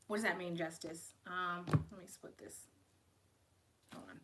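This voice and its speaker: A woman's voice: fairly low pitch, steady tone, a little slow, heavy background noise. A young woman giving casual, emotional tarot readings to viewers on a live stream, chatting and laughing as she goes.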